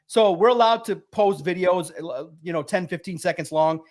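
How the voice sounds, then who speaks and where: A man guesting on a sports podcast, telling a story in a casual, high-energy way. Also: moderate pace.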